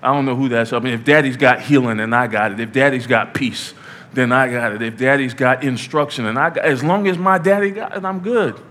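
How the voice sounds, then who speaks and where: Male pastor, 30s, informal sermon in church, playful and chatty with emphatic peaks, mid-pitched voice. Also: a little fast, a bit bright.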